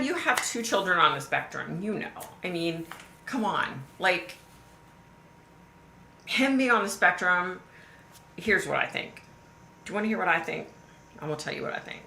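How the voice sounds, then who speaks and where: On her casual live stream, a woman reads comments and bluntly answers them, repeating questions for emphasis and swearing freely. Her voice is on the low side, animated, bright, and forceful, with vocal fry, a moderate pace, and frequent pauses, recorded in an echoey room with faint background noise.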